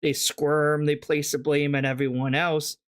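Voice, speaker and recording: A streamer comments on clips in a sarcastic, mocking tone. The voice is mid-pitched, and the commentary swears freely. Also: flat delivery, a little slow, clean tone.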